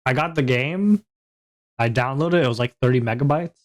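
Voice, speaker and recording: A man's voice: mid-range voice, a little fast. A male VTuber streamer in casual solo chat, rambling from topic to topic, poking fun at himself and laughing often.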